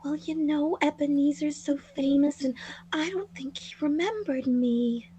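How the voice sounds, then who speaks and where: A woman's voice: high voice, a little slow, warm tone, slight background noise. A woman playing a timid grown daughter, a nervous young actress, hesitant and stammering in an improvised tabletop role-play. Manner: hesitant and stammering, politely deferential.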